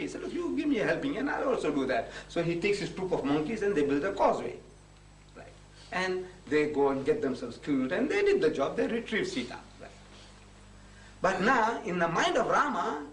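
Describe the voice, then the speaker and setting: A man tells his story to a crowd in an animated lecturing style, his voice rising and falling widely. He is caught from a distance in a roomy hall with a faint hum behind him. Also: sits high, brisk. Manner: animated anecdotal storytelling with mimicked dialogue. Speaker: Islamic preacher and lecturer. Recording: roomy hall recording from far off.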